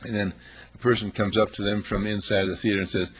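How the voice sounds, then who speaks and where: A man's voice: fairly low pitch, little pitch movement, fast talker, husky. A man preaching a sermon, emphatic and full of rhetorical questions, acting out little scenes as he goes.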